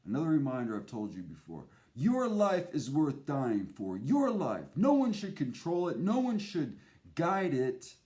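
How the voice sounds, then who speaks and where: Intense man preaching slowly. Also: a little high, wildly swooping pitch, a little mellow. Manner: intense, emphatic, repetitive. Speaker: speaker. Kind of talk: impassioned spiritual monologue.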